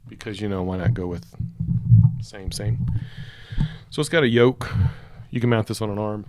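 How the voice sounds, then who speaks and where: A man's voice: fairly low pitch, normal speed, background noise. A man casually reviewing a microphone at home, joking and rambling while he tests it up close. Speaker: product reviewer. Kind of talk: casual unboxing chat. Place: home room with hardwood floors. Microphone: close broadcast microphone.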